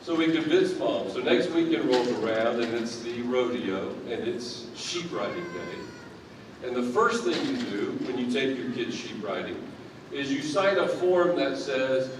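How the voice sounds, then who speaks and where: Man, thirties, commencement keynote, self-deprecating humor, heavy arena echo, clear background ambience. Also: medium pitch, wildly swooping pitch, a little slow, noisy background. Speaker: keynote speaker. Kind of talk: commencement speech. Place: large indoor university arena. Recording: echoey arena, picked up from a distance.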